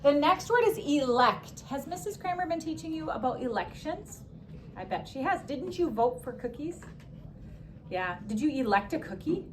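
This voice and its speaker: A woman leads a spelling lesson for young children in a classroom, her voice sitting a little high. She keeps an upbeat, sing-song teaching rhythm and stretches words out syllable by syllable. A light background hiss runs under the recording. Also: animated, moderate pace. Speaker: elementary school teacher.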